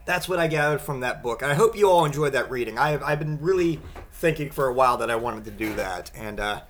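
A man in his thirties hosting a casual monologue, rambling with many halting restarts. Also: mid-range voice, animated, fairly bright tone.

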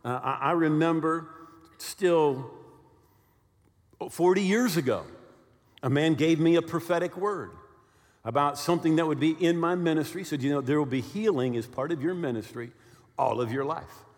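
A man in his sixties preaching a sermon, telling stories with lively asides and often asking his listeners "right?". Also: on the high side, normal speed, long pauses. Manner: animated storytelling with many "right?" check-ins. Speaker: pastor. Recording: long hall reverb.

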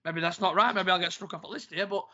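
High bright fast-talking man, lo-fi. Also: a crowd in the background. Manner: excitable, quick to react, swears casually. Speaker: podcast co-host and youth football referee. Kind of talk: casual podcast chat.

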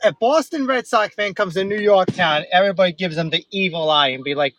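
Rhode Island-accented man, brash and boastful caller, high bright voice. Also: brisk, hardly any pauses, slight background noise, low-quality recording. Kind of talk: casual chat.

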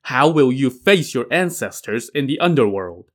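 A man's voice: mid-range voice, animated, moderate pace, fairly bright tone. A man voicing a proud, stern Taoist sorcerer who lectures and scolds. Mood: lecturing.

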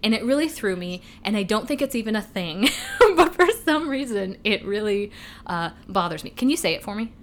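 A woman's voice: medium pitch, very animated, moderate pace. A woman co-hosting a podcast in casual chat, rambling and swearing freely, laughing as she goes. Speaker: podcast co-host.

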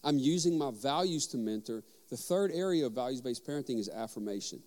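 A man's voice: medium pitch, brisk. Man preaching in a reverberant hall. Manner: animated storytelling, acting out dialogue. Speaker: pastor. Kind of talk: sermon.

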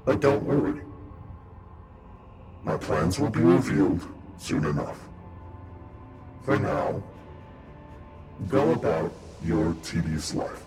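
A possessed fey vine spirit, ancient and scheming. The voice sits very low and moves slowly, with wide swoops in pitch. Music plays clearly behind it. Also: male voice. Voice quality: possessed, menacing. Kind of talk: tabletop game voice acting.

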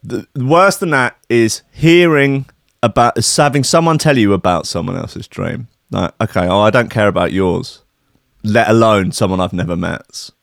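A man's voice: lowish voice, normal speed, gravelly, no room sound, studio quality. A man hosting a casual comedy show, talking in a sweary, rambling and sarcastic way. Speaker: host.

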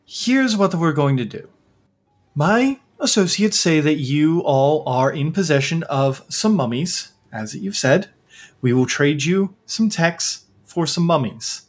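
A man's voice: on the high side, animated, slow pace, faint music behind. A man voicing a menacing male vampire crime boss, curt and threatening.

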